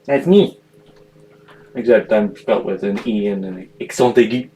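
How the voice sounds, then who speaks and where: A man's voice: on the low side, moderate pace, mellow, far from the mic, slight background noise, low-quality recording. A man in his fifties co-hosting a live painting stream, who jokes around and laughs a lot in casual chat. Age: 50s. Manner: playful, joking, laughs a lot. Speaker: co-host.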